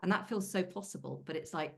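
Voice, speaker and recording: A woman's voice: on the low side, fast, creaky, a bit bright. A British woman talking casually on a group coaching video call, chatty, with everyday British idioms. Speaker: coaching client.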